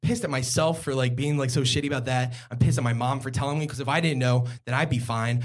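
A man's voice: mid-range voice, brisk. Rambling young man telling a story. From Philadelphia. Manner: rambling, filler-heavy, self-mocking. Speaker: comedian telling a true story. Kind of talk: live storytelling on a comedy podcast. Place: live comedy theatre stage.

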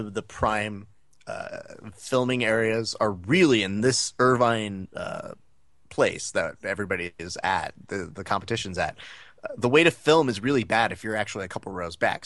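A male podcast co-host with a fairly low voice chats casually, recorded dry with clean studio sound. He's an animated storyteller who acts out the people and quotes in his stories.

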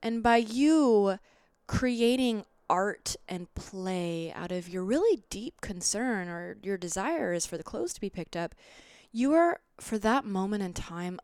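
A woman relationship coach giving casual, animated advice, slipping into playful acted voices. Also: mid-range voice, clear, resonant tone, no echo, clean studio sound.

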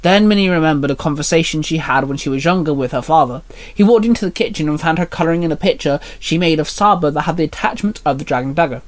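Casting: male storyteller, steady reading, slightly high voice. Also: fast. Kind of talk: reading a fan story aloud.

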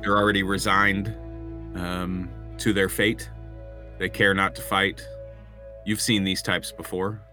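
A man's voice: deep voice, level tone, a little slow, pauses often, pushed and bright, soft background music. A man narrating a tabletop role-playing game as game master, describing scenes with frequent hesitations.

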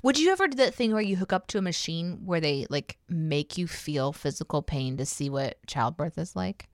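A woman co-hosts a podcast in relaxed chat, playful and blunt, laughing between remarks. Her voice moves up and down a lot. It sounds dry and close to the mic. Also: low voice, normal speed, no room sound. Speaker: podcast co-host.

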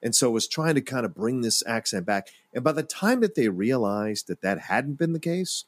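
A man co-hosting a casual movie-review podcast who tells anecdotes in a rambling, animated way. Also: mid-range voice, normal speed, no echo. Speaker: podcast co-host.

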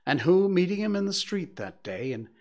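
A man reading a classic story aloud, measured and hushed in quiet passages. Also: sits high, very animated, gravelly. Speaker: narrator.

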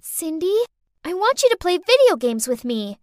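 A woman voicing a manipulative little girl in an animated story, whiny one moment and coldly threatening the next. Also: very high-pitched, normal speed, no room sound, clean studio sound.

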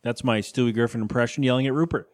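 A man's voice: mid-range voice, fairly even intonation, fast talker. A man co-hosting a podcast, chatting casually as he recaps a cartoon episode, rambling and laughing often. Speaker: podcast co-host.

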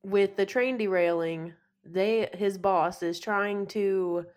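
A woman's voice: medium pitch, steady tone, takes it slowly, a little mellow. A woman co-hosting a casual movie chat, laughing often and filling in plot details. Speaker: podcast co-host.

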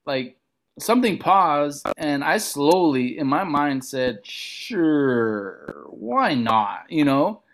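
A man from a Montana reservation telling a casual story as a comedian guest, acting out other people's lines with big jumps in pitch. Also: takes it slowly. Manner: animated, acts out quoted voices with big pitch jumps.

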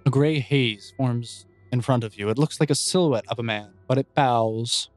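Brief: man, game master narration, calm and descriptive, dry mic, light music bed. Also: medium pitch, normal speed, no echo.

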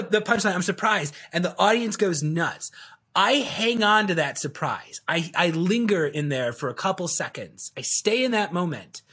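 A high-pitched man gives lively, casual interview talk. He rambles animatedly and leans on plenty of fillers. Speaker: guest, video coach.

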